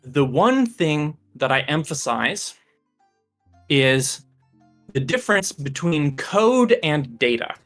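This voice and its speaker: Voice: medium pitch, big pitch swings, slow, faint music behind. A computer science teacher patiently explaining over a voice call, with many fillers. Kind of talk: casual explanation on a stream.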